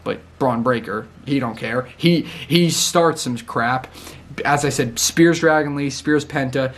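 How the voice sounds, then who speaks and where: A man casually recapping a wrestling show, chatty and excitable, laughing often and acting out what people said. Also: mid-range voice, measured pace.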